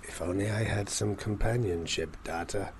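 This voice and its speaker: A man putting on a breathy, lovelorn starship captain voice, drawing out his calls. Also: low-pitched, normal speed, slight background noise, pitched below the performer's own voice.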